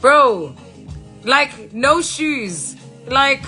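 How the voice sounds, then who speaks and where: A woman's voice: sits high, expressive, extremely slow, bright, forceful tone, soft background music. A woman telling a story casually on a phone live stream, swearing freely and acting out her friends' lines. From South Africa. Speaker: livestream host. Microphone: phone mic.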